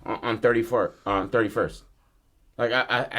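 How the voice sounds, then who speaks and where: A man co-hosting a podcast, pitching a film story in casual chat, loose and profane, slipping into the voices of his characters. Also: fairly even intonation, normal speed, fairly bright tone. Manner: laid-back, profane, acts out lines in his story. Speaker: podcast co-host.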